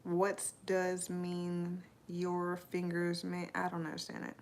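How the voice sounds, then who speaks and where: A woman's voice: fairly low pitch, completely flat delivery, takes it slowly, darkish tone, a little hiss or hum. A young adult woman chatting casually on a live stream, rambling and answering viewers' comments as they come in.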